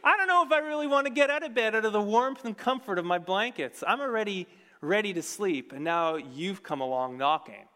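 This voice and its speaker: A male preacher voicing a lovesick young woman who does not want to leave her bed, in a high, playful falsetto. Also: fairly quick, bright, forceful tone. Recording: long reverb of a large hall.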